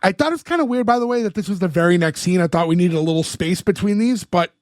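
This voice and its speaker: A man co-hosting a podcast, recounting a sitcom episode in casual chat and acting out quick quotes from the scenes. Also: sits high, no echo, clean studio sound. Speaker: podcast co-host.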